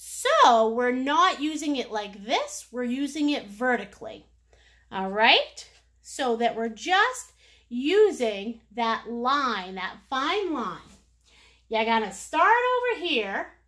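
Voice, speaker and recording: A woman's voice: high voice, sing-song, takes it slowly, fairly bright tone. A woman teaching a live painting lesson, silly and joking, encouraging her viewers and calling them pet names. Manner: chatty, endearing pet names. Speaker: painting instructor.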